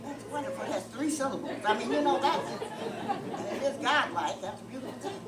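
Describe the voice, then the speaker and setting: A woman's voice: high-pitched, very animated, moderate pace. An older woman performing a stand-up comedy set, telling stories and doing crowd work in a club. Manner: storytelling, sings a comic song. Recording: echoey club audio, far from mic, noisy.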